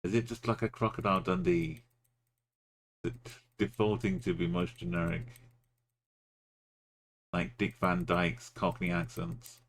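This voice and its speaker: A man's voice: deep voice, little pitch movement, a little slow, pauses often. A man streaming a geography game, musing aloud in short, offhand remarks as he plays. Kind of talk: casual commentary while playing.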